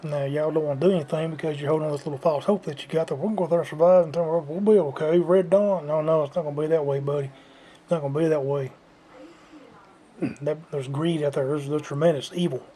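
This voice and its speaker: A man's voice: a little high, steady tone, quick pace, mellow, a little hiss or hum. A man delivering an unscripted, repetitive lecturing rant to his viewers. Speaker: vlogger. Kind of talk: unscripted ranting monologue.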